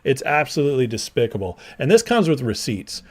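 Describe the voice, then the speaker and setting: A man's voice: medium pitch, very animated, brisk, darkish tone, breathy edge. Blunt man hosting a political livestream. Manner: blunt and combative, laughs while reading viewer comments. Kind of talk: live political commentary reading chat.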